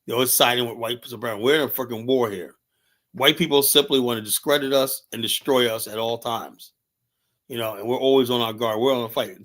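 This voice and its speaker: A man's voice: medium pitch, a bit bright. A man hosting a livestream, ranting in a heated, profane, rambling way with many restarts. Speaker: livestream host. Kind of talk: casual livestream rant. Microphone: streaming setup mic.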